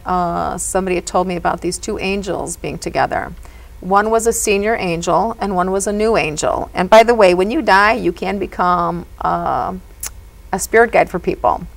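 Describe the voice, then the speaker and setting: A woman speaking as a psychic medium guest, telling stories in an animated, earnest way. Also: medium pitch, gravelly, poor audio. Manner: animated and earnest, often says "you know". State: emotional at moments. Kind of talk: storytelling in a conversation.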